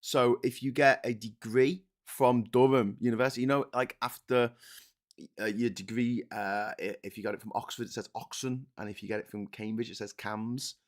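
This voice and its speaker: A man's voice: medium pitch, steady tone, moderate pace. Ranting man hosting a livestream. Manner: sarcastic, ranting, laughs between lines. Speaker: livestream host reading chat. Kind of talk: casual livestream chat. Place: home.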